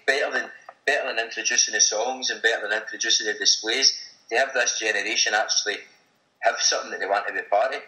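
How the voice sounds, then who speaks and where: A man's voice: lowish voice, steady tone, fast talker, pushed and bright, echoey room, poor audio. A Scottish man telling a story as a guest in casual chat, swearing freely and laughing as he talks. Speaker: guest, supporters' group member.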